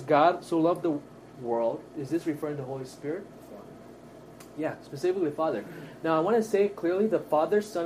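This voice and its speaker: A man teaching a Bible study class, earnest and emphatic, often checking in with his listeners with quick tag questions. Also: a little high, a little mellow, a little hiss or hum.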